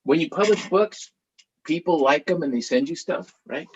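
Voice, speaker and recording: A middle-aged man telling stories to a live audience in an animated, chatty way, laughing now and then as he talks. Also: on the high side, moderate pace, highs cut off, a little hiss or hum. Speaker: author.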